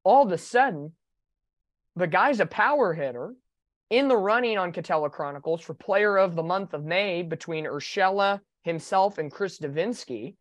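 A man hosting a sports podcast, talking in an animated, opinionated way in casual chat. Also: high-pitched, normal speed, dry recording. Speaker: podcast host.

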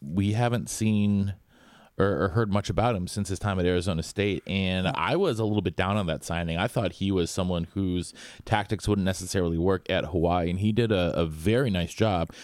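A man with a fairly low voice hosts a casual college football podcast, relaxed and conversational as he turns questions over to his co-host. The sound is dry and close, with almost no room around it. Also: a little fast, no echo. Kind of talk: casual sports chat with ad read.

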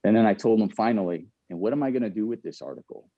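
A man's voice: fairly low pitch, lively intonation, quick pace, breathy edge, no echo, lo-fi sound. An earnest man in middle age, a former pro ball player telling a candid story, often repeating and restarting his phrases.

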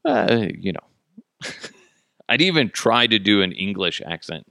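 A man's voice: on the low side, very animated, unhurried, creaky, pauses often, sharp tone, no room sound, clean studio sound. A man hosting a radio show, rambling through a casual comedic monologue with goofy, profane jokes and laughter. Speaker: radio host.

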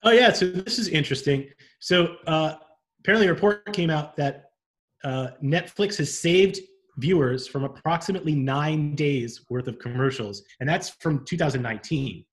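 A man's voice: on the high side, normal speed. A man co-hosting a casual comedic chat, easygoing, with dry asides and a lot of friendly agreement. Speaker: podcast co-host.

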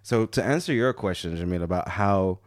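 A man's voice: deep voice, brisk, no echo, clean studio sound. A young man from Canada casually telling a story on a podcast, laughing as he acts out the other people's lines.

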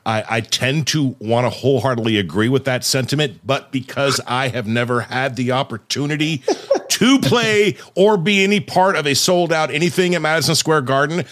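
A man's voice: medium pitch, expressive, normal speed, fairly bright tone. A man hosting a casual podcast interview, bantering playfully before settling into his questions. His delivery is conversational and easygoing. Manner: joking, then turning earnest with questions. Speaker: podcast host.

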